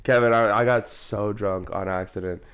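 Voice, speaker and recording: A man's voice: fairly low pitch, fairly even intonation, normal speed, fairly bright tone, smooth. A young man rambling through a personal story in casual chat with a friend while gaming, swearing and calling him bro. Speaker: player chatting with a friend. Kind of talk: casual chat during a game.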